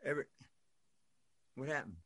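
A man's voice: mid-range voice, moderate pace, pushed and bright. Older man from Brooklyn, rambling, salty storyteller, mid-range voice. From Brooklyn, New York. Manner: rambling and profane, peppered with "man" and "you know". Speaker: former prisoner telling his story. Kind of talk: personal storytelling monologue.

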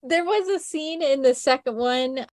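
A woman's voice: high voice, measured pace, a little mellow. A woman hosting a podcast, telling stories in a chatty, casual way with frequent laughs. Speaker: podcast host. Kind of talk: casual chat.

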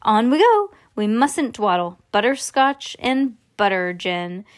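A woman voicing an eccentric, impatient male chocolatier in a storybook read-aloud, with a sharp, bossy, theatrical manner. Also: sits high, sing-song, takes it slowly, full character voice. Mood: triumphant.

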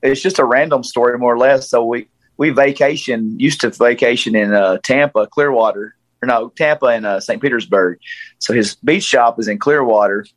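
Tennessee man, Southern accent, animated story, dry sound. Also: medium pitch, moderate pace, no echo, low-quality recording. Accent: Southern American. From Tennessee, USA. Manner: animated storyteller, acts out quoted voices. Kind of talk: casual storytelling chat.

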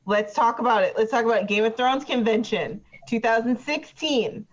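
A woman's voice: fairly high pitch, normal speed, natural voice. A woman voicing a chatty, petty witness who rambles with many fillers and gets defensive. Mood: exasperated. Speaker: player voicing a trial witness. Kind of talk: improvised tabletop role-play. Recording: dull lo-fi recording.

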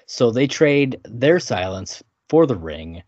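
A man co-hosting a TV recap podcast in casual chat, animated and quick to laugh. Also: medium pitch, no echo. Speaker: podcast co-host. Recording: dry, muffled lo-fi audio.

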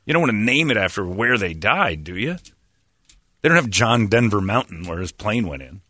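A male radio host in loose, joking banter, slightly low-pitched with a bright, forward tone. He talks with wry asides close on a dry studio mic, no room sound at all. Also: sing-song, normal speed, dry recording. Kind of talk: casual banter.

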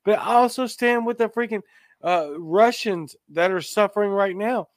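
A man's voice: high-pitched, moderate pace, no room sound. Dry-sounding, emphatic male podcast host. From Louisiana. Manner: emphatic, exasperated. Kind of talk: casual political talk.

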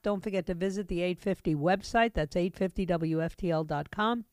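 A woman's voice: on the low side, a little mellow, dry recording. Sarcastic talk radio woman, dry sound. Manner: sarcastic, indignant. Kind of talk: opinionated talk radio monologue. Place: radio studio. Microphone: studio microphone.

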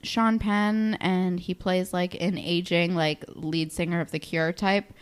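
A young woman co-hosting a podcast in casual chat, quick and laughing. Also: on the low side, steady tone, clean tone. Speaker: podcast co-host.

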